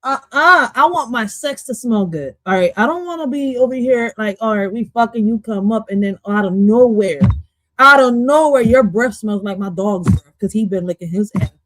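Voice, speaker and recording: A woman's voice: on the high side, normal speed, dry recording. Brash, profane woman streamer, dry sound. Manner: loud, profane and playful, drops in Spanish phrases. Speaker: streamer reacting to an interview clip. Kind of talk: casual reaction commentary.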